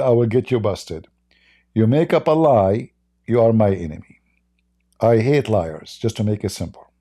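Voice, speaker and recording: Blunt, mocking man. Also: dark tone. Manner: laughs often, blunt and mocking, mimics callers in higher voice. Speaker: debate livestream host. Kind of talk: casual livestream debate talk.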